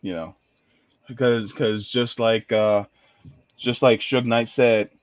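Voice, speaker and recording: A man co-hosting a casual podcast chat, animated and quick to hum riffs from songs. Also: mid-range voice, muffled recording. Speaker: podcast co-host.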